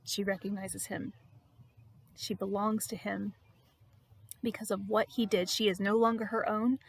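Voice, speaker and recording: A woman reading her devotional blog aloud in a reflective, expressive way, with emphatic repetition. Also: medium pitch, normal speed, creaky, pauses often, husky, no echo.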